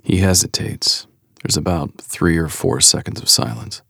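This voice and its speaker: Male storyteller, husky and dry-sounding, candid, wry, first person. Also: rumbling low, moderate pace, bright, forceful tone, no room sound.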